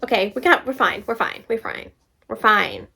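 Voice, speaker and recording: A young woman with a fairly high voice hosts a casual book vlog. She reads reviews aloud and answers them in an animated, exasperated way. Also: normal speed, vocal fry, slightly rough. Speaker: book vlogger.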